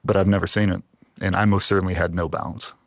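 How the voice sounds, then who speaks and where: A man's voice: low voice, little pitch movement, fast talker, dry recording. A man in his forties, a former special operator, talking earnestly and with strong emotion in an interview, close to tears at times. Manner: earnest, emotional, trying not to cry. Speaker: podcast guest, former Navy SEAL.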